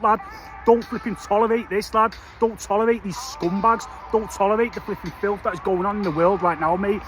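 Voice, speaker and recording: A fired-up man with a high-pitched voice delivers a blunt, slangy motivational rant straight to camera. He keeps calling the listener lad and mate. Faint street noise hums behind him outdoors. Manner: passionate, blunt, slangy, peppers every line with "lad" and "mate". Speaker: vlogger.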